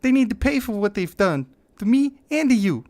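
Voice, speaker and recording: A man voicing a strange, grim male forest companion with a high, lisping voice. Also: sing-song, normal speed, a little mellow, no echo. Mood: vengeful. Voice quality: lisp. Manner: high strange voice, keeps breaking into laughter.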